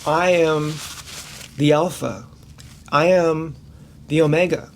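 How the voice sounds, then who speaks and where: A man's voice: a little high, fairly even intonation, takes it slowly, slight background noise. A man vlogging in a frank, rambling monologue to camera, swearing freely and laughing often.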